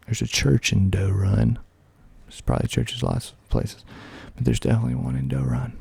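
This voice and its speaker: A man, hosting a soft-spoken ASMR video, speaking slowly and deliberately into a close mic with a pop filter, with wry asides. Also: fairly low pitch, big pitch swings, creaky, husky, no room sound. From Georgia, USA. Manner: slow, deliberate, half-whispered delivery with wry asides. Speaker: ASMR channel host.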